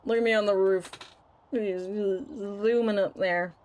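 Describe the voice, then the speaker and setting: A woman's voice: mid-range voice, steady tone, takes it slowly, darkish tone. A woman streaming a game, chatting casually, teasing and laughing often. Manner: giggly, playful, teasing. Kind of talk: casual gameplay commentary.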